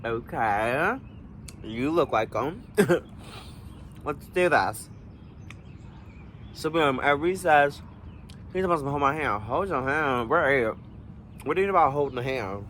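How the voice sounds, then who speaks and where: A young man in a casual storytime vlog, animated and slangy, swearing freely and jumping into high exclamations. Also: takes it slowly, long pauses, a little hiss or hum. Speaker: vlogger.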